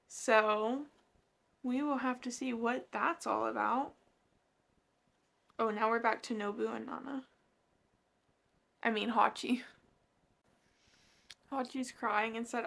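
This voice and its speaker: A woman's voice: on the high side, steady tone, takes it slowly, gravelly, long pauses, fairly bright tone. A woman book vlogger casually recapping a manga she is reading, with gushing, emotional reactions.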